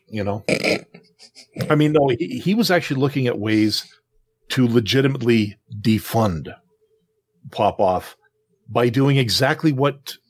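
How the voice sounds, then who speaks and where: A man co-hosts a podcast in a casual chat, telling a long, meandering story full of restarts. His voice is slightly husky and mid-pitched, and the recording is dry and close, with no room sound. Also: no room sound. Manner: rambling storyteller, many fillers and restarts. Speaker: podcast co-host.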